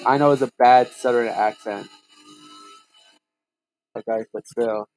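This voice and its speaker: A young man giving casual, profane, excitable commentary while playing a racing game. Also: medium pitch, unhurried, pauses often, faint music behind, poor audio. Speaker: gaming channel host.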